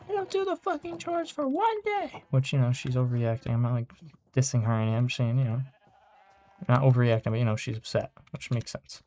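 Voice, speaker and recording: A man's voice: fairly low pitch, mellow, a little hiss or hum. A young man telling a casual story in a rambling way, with lots of fillers and swearing, still shaken and upset. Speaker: vlogger.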